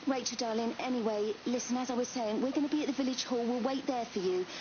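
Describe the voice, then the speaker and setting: A hurried, tender mother, voiced by an actress leaving a taped message in a video game. Her voice sits fairly high, and the muffled tape carries a clear layer of noise. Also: close to an everyday voice. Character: worried mother recording a message for her daughter. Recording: muffled tape recording with hiss.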